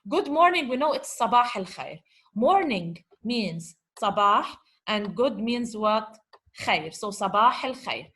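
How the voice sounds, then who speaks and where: A woman's voice: fairly high pitch, expressive, a little fast, fairly bright tone. A woman teaching Arabic vocabulary to English speakers. She asks questions, answers them herself, repeats points, and calls her class guys. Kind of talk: explaining vocabulary from a lesson dialogue.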